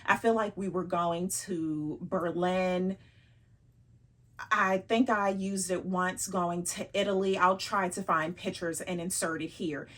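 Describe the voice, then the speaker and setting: A woman's voice: lowish voice, steady tone, a little slow, a bit bright. A woman vlogger chatting casually about her luxury bags, laughing often and teasing herself.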